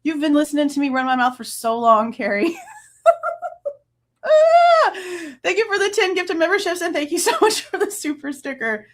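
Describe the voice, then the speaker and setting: A woman's voice: high-pitched, fast, fairly bright tone. A woman, hosting a true crime livestream, ranting angrily, swearing and laughing between outbursts. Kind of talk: casual livestream rant.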